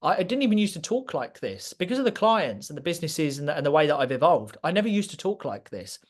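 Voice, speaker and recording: A man giving a motivational masterclass talk to a live audience, direct, emphatic and passionate, speaking clearly and with authority. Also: a little high, big pitch swings, quick pace. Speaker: guest speaker.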